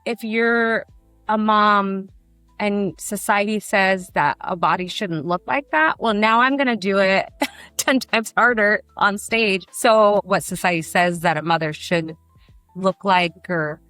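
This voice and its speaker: A middle-aged woman from Brazil, a burlesque performer, telling candid, animated stories in an interview and acting out the people she quotes. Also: medium pitch, takes it slowly, no room sound, faint music behind. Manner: animated, emotional storytelling with acted quotes.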